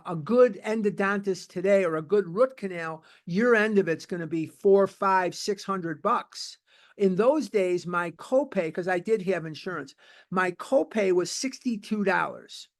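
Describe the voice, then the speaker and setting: An older man in his seventies, with a notably high-pitched voice, tells his own recovery story at a meeting. He talks bluntly and with emphasis, circling back to repeat key phrases. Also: measured pace. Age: 70s. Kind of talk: personal testimony at a recovery meeting.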